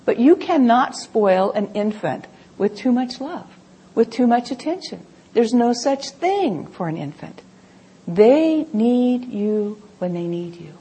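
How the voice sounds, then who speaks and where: A woman's voice: on the high side, expressive, slow, warm tone, breathy edge. A middle-aged woman giving an earnest Bible teaching talk, explaining with homely examples from family life.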